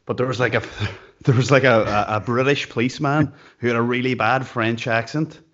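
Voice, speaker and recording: A man's voice: mid-range voice, steady tone, a little fast, fairly bright tone. A man tells stories and cracks jokes as a podcast guest. His voice comes through slightly dull, with the top end rolled off. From Derry, Northern Ireland. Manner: laddish, jokey storytelling. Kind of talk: casual chat.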